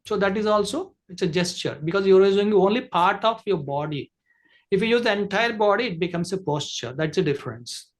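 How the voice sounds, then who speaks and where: A man's voice: sits high, lively intonation, a little fast. A man who trains people in communication, giving an online masterclass lecture over a video call, explaining at length with many fillers and restarts.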